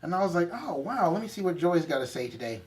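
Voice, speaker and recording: This young faith-channel co-host talks fast in a high voice, narrating a story casually with energetic tangents and self-corrections.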